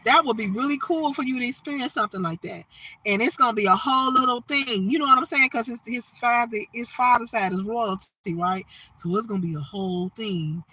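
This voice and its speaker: A woman's voice: a little high, bright, forceful tone, rough recording. A woman chatting casually on a livestream, talking animatedly with her viewers. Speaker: livestream host.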